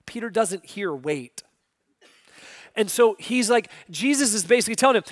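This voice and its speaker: A male pastor preaching with a high voice, animated and expressive. He acts out scripture quotes and moves between loud emphasis and hushed asides. The recording is dry and close. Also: normal speed, pauses often, dry recording. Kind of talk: sermon.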